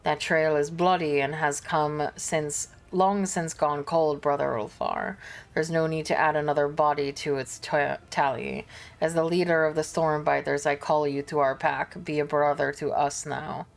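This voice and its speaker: A woman's voice: sits low, flat delivery, unhurried, creaky. A woman voicing an arrogant, domineering male wolf pack leader, reading game dialogue in a commanding, condescending tone. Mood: calm.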